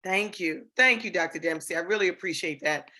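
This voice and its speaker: A woman's voice: fairly low pitch, a little fast, bright, forceful tone. A woman hosts an online awards show over a video call. She is enthusiastic and chatty. She leans on plenty of ums and uhs as she moves from guest to guest. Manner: enthusiastic, with many fillers. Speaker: host.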